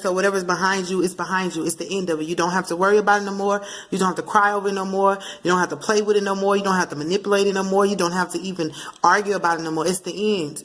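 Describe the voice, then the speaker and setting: Playful, animated woman doing a tarot reading. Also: medium pitch. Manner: animated, playful, breaks into song and acted asides. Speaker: tarot card reader. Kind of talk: casual tarot reading to camera.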